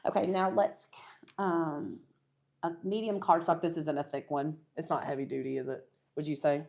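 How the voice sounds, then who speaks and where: A woman's voice: low voice, fairly even intonation, moderate pace, gravelly, a little mellow. A middle-aged woman hosting a craft show, chatting casually and laughing as she works. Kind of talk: casual chat while crafting.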